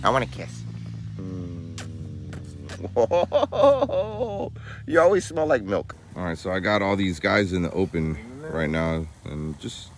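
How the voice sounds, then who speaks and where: A young man vlogging casually around his farm and new house, chatting, laughing often and using high baby talk with the animals. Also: sing-song, slow, faint music behind. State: soaked from rain. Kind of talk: casual vlog narration. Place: outdoors on a farm, and a house under construction.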